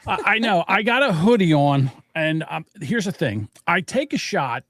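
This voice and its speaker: A man's voice: a little high, very animated, normal speed, fairly bright tone, no echo, studio quality. Rambling middle-aged male podcast co-host. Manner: rambling, self-deprecating, scatterbrained. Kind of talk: casual chat.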